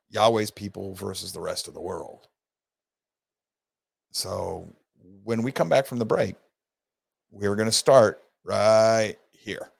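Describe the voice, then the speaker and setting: Man, Bible class teacher, gravelly, emphatic, dry close sound. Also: lowish voice, no echo. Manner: emphatic, restarts and stresses words when making a point. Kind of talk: recorded Bible study lesson.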